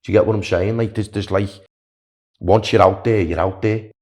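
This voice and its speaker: A young man tells a story in casual podcast chat. His voice sits very low. He rambles in an animated way, stacking fillers and restarts. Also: normal speed. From Wales. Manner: animated, chatty, filler-heavy with "like" and "do you know what I mean". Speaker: podcast guest, long-distance walker.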